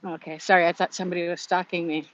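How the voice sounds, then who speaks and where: Walking outdoors toward her car, a woman in her fifties live-streams from her phone as a vlogger, chatting casually, reading viewer comments, and laughing often. She speaks quickly in a fairly low, flat voice, and the audio is dull.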